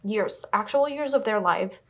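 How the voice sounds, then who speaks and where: A woman's voice: mid-range voice, lively intonation, measured pace, fairly bright tone. A young woman chatting to camera in a casual reading vlog, rambling and emphatic, repeating herself and swearing casually, upset and close to tears. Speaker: book vlogger.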